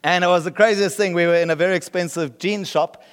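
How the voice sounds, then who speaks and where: A South African man with a local accent preaches in a high, steady, clean voice at a quick pace, the sound carrying a big-room quality. He keeps it conversational, frequently asking if listeners are following.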